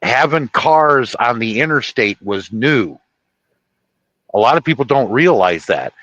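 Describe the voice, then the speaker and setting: A low-pitched man from Ohio rambles casually on a livestream, stopping to correct his own facts. His voice is recorded dry and close, with no room sound. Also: a bit bright, dry recording, muffled recording. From Ohio, USA. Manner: rambling, correcting himself mid-sentence. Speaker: livestream host.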